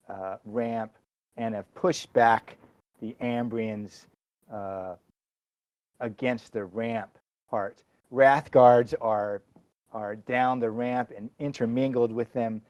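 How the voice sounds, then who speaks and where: Halting man narrating a tabletop game. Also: medium pitch, darkish tone, dry recording. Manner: halting, many fillers and chuckles. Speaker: game master.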